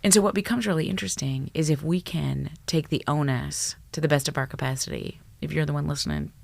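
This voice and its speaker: A middle-aged woman speaks on a podcast as a psychologist guest. She has a low voice with a gravelly edge and an animated, salty way of talking. She acts out snippets of dialogue. The sound is dry and close to a studio mic. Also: fast talker, no echo. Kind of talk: casual podcast conversation.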